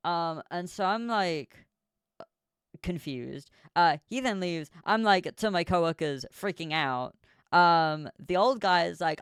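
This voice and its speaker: A young adult streamer tells a long story in a loose, rambling way, full of fillers and the odd swear. The voice is smooth and clear at a middle pitch. It sounds dry and close to the mic. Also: measured pace, a bit bright, dry recording. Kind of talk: casual chat.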